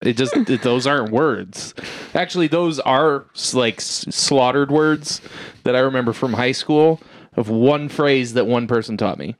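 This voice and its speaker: A man's voice: medium pitch, measured pace, no room sound. A man co-hosting a casual podcast, reading out details and making light fun of himself. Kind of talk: casual chat.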